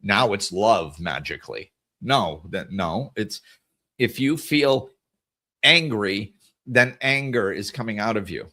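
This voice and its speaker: Earnest man musing on scripture, lowish voice. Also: expressive, slow, sharp tone. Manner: earnest, self-correcting, repeats words and quotes scripture. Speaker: podcast host. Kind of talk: reflective spiritual monologue.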